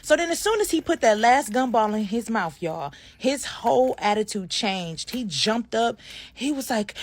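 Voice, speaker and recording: A woman's voice: a little high, animated, normal speed, dry recording. A woman from Detroit telling a true ghost story to her followers, chatting straight to viewers and acting out the people in it. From Detroit, USA. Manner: chatty, addresses viewers directly, acts out voices.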